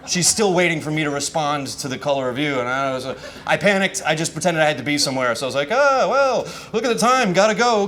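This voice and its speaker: An American man from Washington DC doing a stand-up set, telling stories in an animated, exasperated way and acting out bits of dialogue. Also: on the high side. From Washington DC, USA. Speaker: stand-up comedian. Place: comedy festival stage with laughing audience. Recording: live club recording with audience noise.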